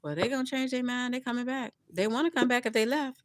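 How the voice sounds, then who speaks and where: A woman giving a casual tarot reading to her viewers, chatty and expressive, often laughing and speaking to spirit. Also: a little high, fast, very noisy. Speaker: tarot reader.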